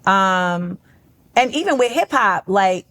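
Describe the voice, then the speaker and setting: A woman's voice: medium pitch, expressive, takes it slowly, fairly bright tone. A woman from Florida, an interview guest, talking directly and bluntly in a casual chat. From Orlando, Florida, US.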